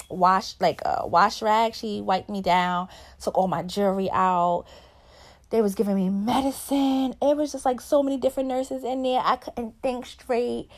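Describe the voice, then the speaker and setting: Young woman, casual storyteller, candid and emotional, everyday mid-range voice, lots of fillers. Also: medium pitch. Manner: candid, emotional, laughs through a hard story, many fillers. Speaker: podcast host.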